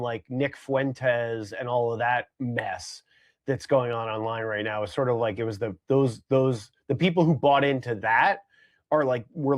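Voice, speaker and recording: A man co-hosting a podcast, talking casually with lots of fillers and restarts. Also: mid-range voice. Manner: rambling, many fillers and restarts. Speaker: podcast co-host.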